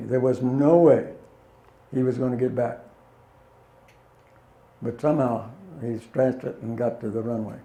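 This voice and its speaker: An older man spins folksy, plainspoken stories for a room of listeners, his voice mellow and warm. He chuckles at his own punchlines, and the sound carries a roomy hall echo. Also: medium pitch. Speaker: guest speaker, former pilot. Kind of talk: anecdotal talk to an audience. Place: meeting hall.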